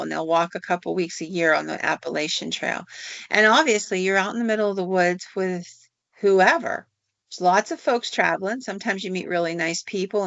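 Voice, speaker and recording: A woman's voice: lowish voice, gravelly, fairly bright tone, dry recording. Folksy woman telling a spooky tale. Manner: folksy, drawling, with fillers. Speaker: podcast host. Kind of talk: storytelling narration. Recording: dull, dry recording.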